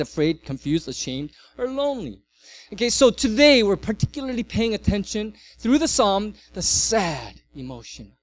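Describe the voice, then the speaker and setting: A male pastor in middle age preaching a sermon with a notably high voice. He talks in an animated way, rising to loud emphasis and then dropping almost to a murmur. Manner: animated, varies loudness widely.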